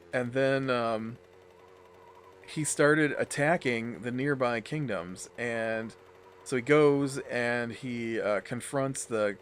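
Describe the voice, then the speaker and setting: Slight background noise accompanies a man's medium-pitched, fairly bright voice as he hosts a let's play. Talking casually over the gameplay, he rambles, using lots of fillers and restarting often.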